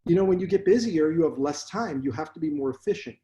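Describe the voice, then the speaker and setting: A dentist guest in a casual interview tells blunt stories from his practice. His voice is fairly high and quick, recorded with lo-fi sound, and he delivers everything as an animated, blunt storyteller.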